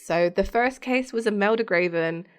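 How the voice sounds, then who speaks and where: A woman's voice: mid-range voice, moderate pace, clean tone. A woman co-hosting a podcast, chatting casually as she recaps a TV episode, laughing often and acting out quotes from it. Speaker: podcast co-host.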